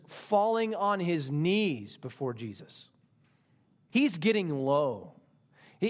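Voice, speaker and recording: Emphatic man preaching a sermon. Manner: emphatic, repeats phrases for stress; speaks slowly on key lines and rises in pitch for emphasis. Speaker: pastor.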